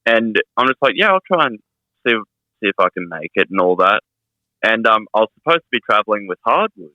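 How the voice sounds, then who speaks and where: A man's voice: lowish voice, very animated, a little fast, no echo, muffled recording. A man, a wrestler guest telling stories in casual podcast chat, swearing often and laughing. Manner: swears a lot, laughing storyteller.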